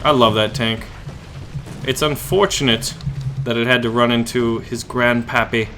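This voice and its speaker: A man hosting his gaming channel, giving joking, excitable live commentary on his own gameplay and talking to himself and his enemies. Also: medium pitch, a little slow, faint music behind.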